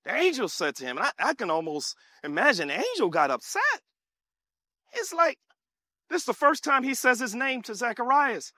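A male preacher delivers a sermon with animated call-and-response and sudden shouts. His voice is very high and bright, and his pitch rises and falls with great energy. The sound is dry and close. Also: a little fast, no echo.

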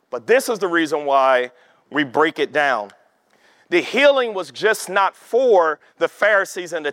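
A pastor preaches to his congregation, his voice rising and falling in a lively, animated way. He talks to the room like a friend and slows right down to weigh each word of a verse. His voice sits a little high for a man. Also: no echo, studio quality. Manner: conversational preaching, checks in with the congregation; slows down to stress scripture words. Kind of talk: sermon.

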